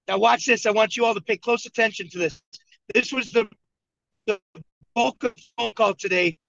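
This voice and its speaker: A man's voice: high-pitched, steady tone, moderate pace, creaky, pauses often, fairly bright tone, no room sound. A man from Buffalo, New York, leading a motivational coaching session and telling his story with emphatic repetition over a video call from a moving vehicle. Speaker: team leader and coach. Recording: dull lo-fi video call audio.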